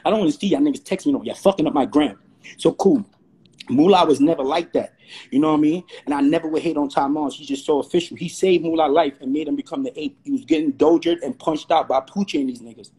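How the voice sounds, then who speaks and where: A man's voice: fairly high pitch, fast, dark tone, husky. A man, ranting on a live stream and firing rhetorical questions. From Brooklyn, New York. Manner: combative, repeats rhetorical questions. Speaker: host. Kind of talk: heated live-stream rant. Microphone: phone or webcam on a live stream.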